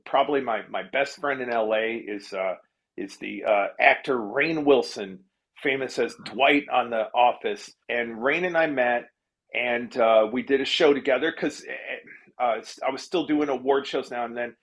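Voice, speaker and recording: A man's voice: medium pitch, moderate pace, fairly bright tone. A man who writes television comedy, chatting casually in a podcast interview, often laughing at himself and restarting his sentences.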